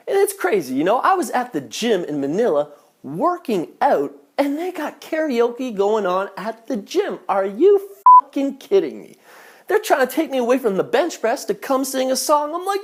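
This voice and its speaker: A man's voice: extremely high pitch, normal speed. A man telling a comic travel story in a vlog, swearing often and sounding exasperated at his own punchlines. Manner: profane, exasperated, animated punchlines. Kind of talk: comedic storytelling.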